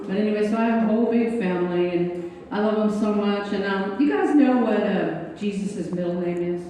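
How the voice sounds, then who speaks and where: A woman's voice: medium pitch, fairly quick, warm tone. A woman doing a stand-up comedy set on a club stage, telling self-mocking stories in a chatty way. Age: 60s. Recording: echoey club hall, mic from far off.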